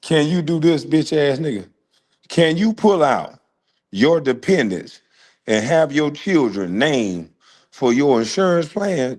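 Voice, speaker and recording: A man, ranting in a loud, taunting roast, firing repeated questions and laughing often. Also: fairly high pitch, big pitch swings, slow. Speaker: host. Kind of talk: roast rant.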